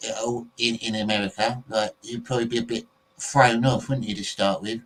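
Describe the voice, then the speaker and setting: A man's voice: mid-range voice, fairly even intonation, normal speed, fairly bright tone, low-quality recording. Rambling English man chatting casually. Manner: rambling, goes off on tangents, many fillers. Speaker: podcast host. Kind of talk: casual chat to viewers.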